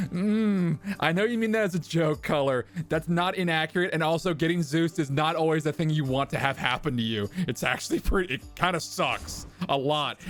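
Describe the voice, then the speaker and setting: A young man streaming a game, chatting casually, rambling off topic with profane jokes. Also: fairly high pitch. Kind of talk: casual gameplay commentary.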